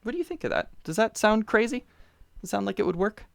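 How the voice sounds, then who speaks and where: Casting note: animated conversational guest on a remote call, mid-pitched, dry close sound, restless and rambling. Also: fast talker, creaky, no echo. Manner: animated storyteller, frequent fillers and restarts. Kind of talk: casual conversational chat. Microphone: remote call mic.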